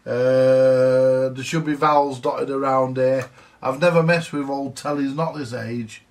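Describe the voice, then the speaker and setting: A man talks to camera in a loose, rambling way, full of ums and the odd curse. He speaks slowly, and the mic sits well away from him. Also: mid-range voice, fairly even intonation, recorded from a distance. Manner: rambling, chatty, lots of fillers and swearing. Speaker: vintage audio repair vlogger. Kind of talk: casual workshop talk to camera.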